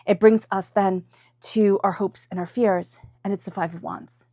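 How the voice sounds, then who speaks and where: A woman giving a weekly tarot reading in a gentle, musing way, often checking in with the listener. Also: medium pitch, fairly even intonation, unhurried, no echo, studio quality. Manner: gentle, musing, frequent "right?" asides. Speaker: tarot reader.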